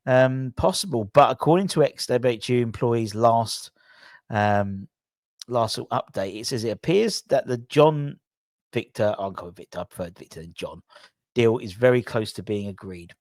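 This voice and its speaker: A man with a medium-pitched voice runs a fan news channel in a casual vlog style. He rambles, thinking aloud and correcting himself, and there's no echo on the recording.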